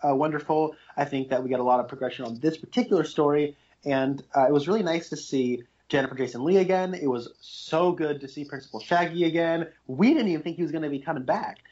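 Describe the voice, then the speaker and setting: A man's voice: a little high, fast talker, hardly any pauses, darkish tone. A man co-hosting a podcast, talking eagerly and rambling with lots of fillers about a TV episode. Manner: enthusiastic, rambling with many fillers. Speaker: podcast co-host. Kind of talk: casual TV discussion chat. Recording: muffled lo-fi podcast audio.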